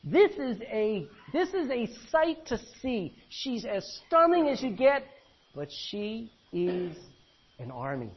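A man pastor preaching a sermon, reading old-fashioned scripture aloud and swinging between loud emphasis and low, quiet lines. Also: very animated, slow pace, husky. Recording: dull lo-fi recording.

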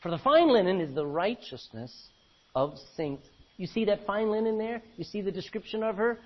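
A man pastor preaching a sermon, reading old-fashioned scripture aloud and swinging between loud emphasis and low, quiet lines. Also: expressive, moderate pace. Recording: dull lo-fi recording.

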